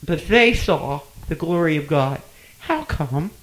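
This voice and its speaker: An older man preaching a sermon in a church, emphatic, with soft dropped asides and repeated phrases. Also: a little high, lively intonation, takes it slowly, poor audio.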